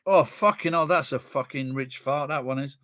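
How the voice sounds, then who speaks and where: A man's voice: medium pitch, moderate pace, a bit bright, no room sound, clean studio sound. A middle-aged man with a Sheffield accent, rambling in casual chat with friends and swearing bluntly. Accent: Sheffield English. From Sheffield, England.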